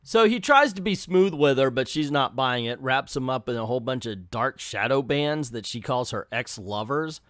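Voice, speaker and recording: A man's voice: mid-range voice, expressive, normal speed, hardly any pauses, a bit bright, no echo, clean studio sound. A man hosting a comic book video, who recaps the story in an offhand, conversational way with filler words.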